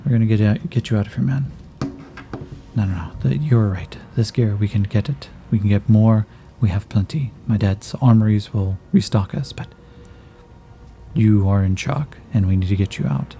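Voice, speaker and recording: A man voicing a calm male elf warrior who firmly coaxes a frightened companion. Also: fairly low pitch, normal speed, faint music behind, natural voice. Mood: coaxing. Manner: firm, coaxing, patient.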